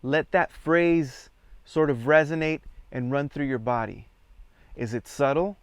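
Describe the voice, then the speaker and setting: A man at medium pitch with a smooth, resonant voice guides a theatre exercise. He speaks calmly and in measured steps, counting the group in. The sound is close and dry. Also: dry recording. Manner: calm, measured, counts students in and prompts them. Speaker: theatre workshop leader.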